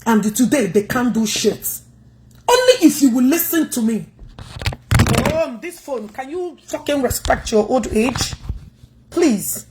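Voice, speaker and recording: A Nigerian woman with an Igbo accent rants combatively on a livestream. Her voice sits high, and she scolds her viewers head-on. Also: big pitch swings, measured pace, a little mellow, a little hiss or hum.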